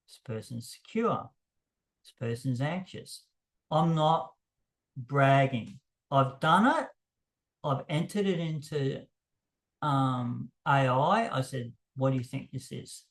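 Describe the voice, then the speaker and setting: Man, blunt unscripted monologue, emphatic, voice spikes high when riled, self-deprecating. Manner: emphatic, voice jumps higher when worked up. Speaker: vlogger.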